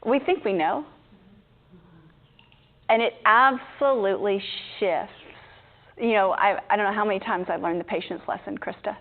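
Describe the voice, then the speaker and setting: A woman yoga teacher chatting in a group discussion, lively and laughing, acting out her own inner voice. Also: mid-range voice, normal speed, long pauses. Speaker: yoga teacher hosting a teacher training. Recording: tinny phone-like sound.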